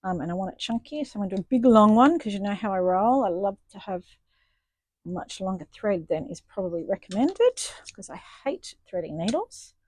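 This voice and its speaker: Her voice is medium-pitched, animated, fairly quick, and a touch mellow. She's a stitching vlogger in her home craft studio, chatting casually and self-deprecatingly as she thinks aloud while stitching.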